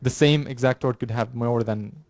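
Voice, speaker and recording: A man's voice: mid-range voice, steady tone, a little mellow, dry recording, studio quality. A man lecturing a university class, explaining with frequent fillers, repeated words and restarts. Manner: halting, many fillers and restarts. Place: lecture room.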